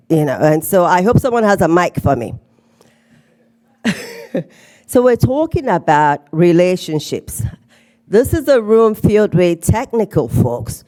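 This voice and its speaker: A woman's voice: medium pitch, a little mellow. A middle-aged woman from Nigeria with a Nigerian and slightly British accent, giving a playful conference keynote talk. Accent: Nigerian with some British. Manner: playful, teasing the audience. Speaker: keynote speaker. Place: conference hall.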